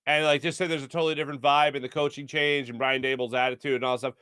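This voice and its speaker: A man's voice: medium pitch, racing, clear, resonant tone, dry recording, studio quality. A man in his thirties hosting a live sports talk show, reading out viewer comments in a playful, joking way. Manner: playful, animated, jokey.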